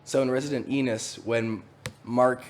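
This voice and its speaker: A man with a hoarse voice co-hosting a casual live chat, relaxed and chatty. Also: medium pitch, normal speed, slight background noise. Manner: relaxed, chatty, laughs often. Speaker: co-host of a live chat stream.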